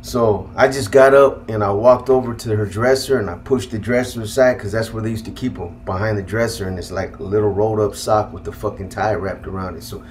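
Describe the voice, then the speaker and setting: A man telling a personal story in casual, profane speech, halting and restarting often. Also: on the low side, steady tone, slight background noise. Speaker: guest telling his life story.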